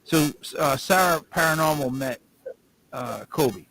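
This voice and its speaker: A man's voice: fairly high pitch, unhurried, gravelly, a bit bright, poor audio. A man co-hosting a podcast, rambling through casual stories and laughing as he talks. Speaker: podcast co-host.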